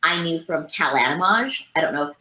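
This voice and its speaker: A woman's voice: sits low, animated, a little fast, a little hiss or hum. A woman voice actress chatting as an interview guest, rambling with lots of fillers. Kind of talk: casual interview chat. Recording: roomy, dull lo-fi sound.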